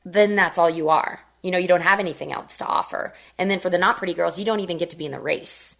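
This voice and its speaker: A woman in her twenties, speaking as an interview guest. She tells her story with animated expression, and her voice sits a little low for a woman. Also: fast talker, gravelly. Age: 20s.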